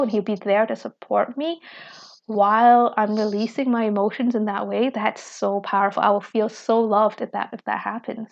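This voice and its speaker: A woman reading from a book and reflecting on it in an earnest, unhurried way, often asking "right?" and adding "you know". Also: medium pitch, steady tone, gravelly, highs cut off. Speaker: book commentator.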